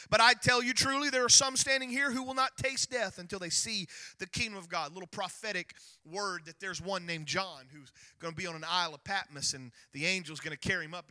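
A male pastor preaching a sermon, emphatic and rising to near-shouts as he retells scripture. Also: sits high, no room sound.

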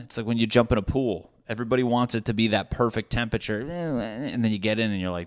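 Thirties male podcast host, slightly low voice, casual and profane, self-deprecating rambler. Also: normal speed. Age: 30s.

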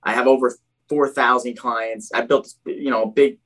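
As a podcast guest, a young man chats casually and animatedly about his experiences. He favors "dude," often starts sentences over, and talks at a normal speed in a mid-range voice.

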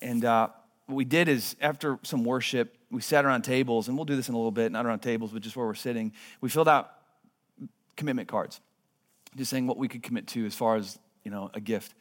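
A man in his thirties preaching a sermon in a church, earnest, moving between hushed and emphatic delivery. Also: medium pitch, fairly quick. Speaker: pastor. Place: church sanctuary. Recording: long hall reverb.

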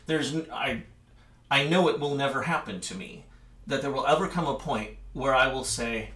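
A man who teaches cello chats casually with a colleague, starting over often and slipping into quoted voices. His voice sits at an ordinary middle pitch. The room around him rings with a noticeable echo. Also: normal speed. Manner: animated, many restarts and fillers, acts out quoted voices. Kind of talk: casual chat between colleagues.

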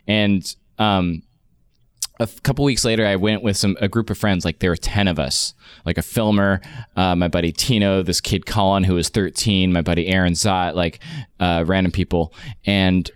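A man's voice: low-pitched, steady tone, normal speed, clean tone, no room sound. A man in his forties telling a long anecdote in casual chat, rambling with many restarts and fillers.

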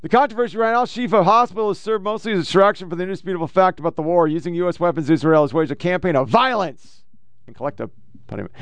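A man's voice: sits high, rapid-fire, clear, resonant tone, dry recording. A man hosting a political podcast, ranting with heavy profanity and reading posts aloud. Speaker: podcast host.

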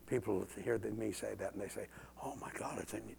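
A male preacher delivering a live sermon with prayer, dropping to whispered prayers and rising to loud declarations. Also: lowish voice, moderate pace, creaky, slight background noise.

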